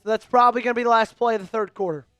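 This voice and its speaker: A man calls football plays live with a high, smooth, crisp voice that jumps with excitement. His mic is close and dry, with faint music under him. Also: rapid-fire, no echo. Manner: excitable, hypes up viewers. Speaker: host of a team live stream. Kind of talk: live play-by-play commentary.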